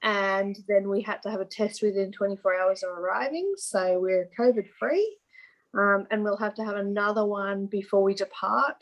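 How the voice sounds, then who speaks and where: Easygoing Australian woman co-hosting a chatty crafting podcast over a call, relaxed delivery. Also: mid-range voice, normal speed, lo-fi sound. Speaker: podcast co-host. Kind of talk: casual chat.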